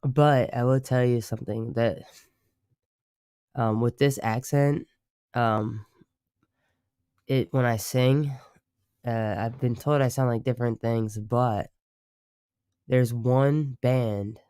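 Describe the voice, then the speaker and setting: A man's voice: medium pitch, steady tone, slow pace, long pauses, mellow, clear, resonant tone, no room sound, clean studio sound. A young man from Baltimore chatting casually on a livestream, rambling and swearing with lots of fillers. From Baltimore, United States.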